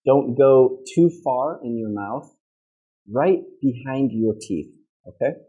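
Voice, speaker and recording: A male pronunciation teacher with a Midwestern American accent, speaking unhurriedly in a warm, mellow voice. He models each sound clearly and patiently keeps checking in with his students. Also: medium pitch, lively intonation, takes it slowly, lo-fi sound. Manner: patient, checks in with "okay?" constantly; demonstrates sounds by modeling words aloud. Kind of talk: classroom lesson.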